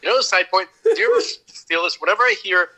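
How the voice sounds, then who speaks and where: Bright-voiced man explaining in casual talk. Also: high-pitched, wildly swooping pitch, fast, low-quality recording. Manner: explanatory, repeats words while thinking. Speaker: podcast co-host. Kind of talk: casual chat.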